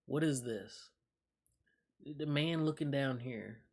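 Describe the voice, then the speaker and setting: A young male streamer drawls through a casual chat with his audience, unhurried and loose. His voice has a husky, slightly rough edge, and he swears freely and laughs as he reacts. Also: mid-range voice. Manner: loose, profane, reacting aloud with frequent laughs. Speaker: live streamer.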